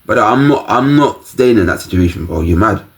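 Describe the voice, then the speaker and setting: A man hosts a reaction video, jumping in with loud exclamations and laughs. His voice sits low and his talk is loose and casual. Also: expressive, normal speed.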